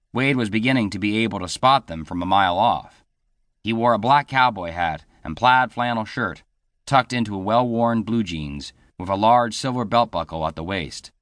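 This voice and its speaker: A man narrating an audiobook in a steady scripted read, shifting into voices for the dialogue. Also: on the low side, no echo, clean studio sound.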